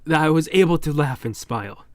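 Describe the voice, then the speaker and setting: A man's voice: a little high, lively intonation, brisk, dry recording, studio quality, close to an everyday voice. A man doing a tearful young boy shogun. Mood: pleading tearful.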